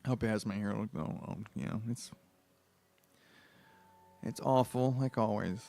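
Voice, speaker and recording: A man's voice: lowish voice, unhurried, gravelly, mellow, faint music behind. Congested man reading with crude asides. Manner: crude, bewildered, self-mocking asides. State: congested with a head cold. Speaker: book reader. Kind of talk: comedic reading with rambling asides.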